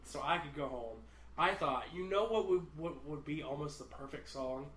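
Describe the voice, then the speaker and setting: A man's voice: fairly high pitch, normal speed, fairly bright tone. A man co-hosting a casual podcast, rambling and swearing freely. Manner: rambling, swears casually, half-sings song lines. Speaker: podcast co-host. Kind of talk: casual chat. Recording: echoey room with faint noise.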